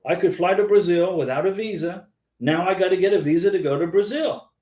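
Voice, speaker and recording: A man rambles his way through a live stream, repeating himself and calling viewers by name as he answers their comments. His voice sits fairly high for a man, and the room around him rings with echo. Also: fairly quick, warm tone. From United States. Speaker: host of a live visa advice stream.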